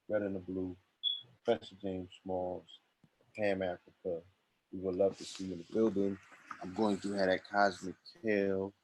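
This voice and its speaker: A man with a very deep, husky voice, hosting a casual live-stream talk show. He speaks in a flat, steady tone and draws his promos out slowly, with plenty of street slang. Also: low-quality recording. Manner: laid-back, drawn-out promo delivery with slang. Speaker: podcast host.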